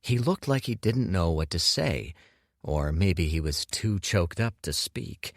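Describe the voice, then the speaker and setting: A man reading an audiobook in measured scripted narration. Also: low voice, animated, dry recording, clean studio sound.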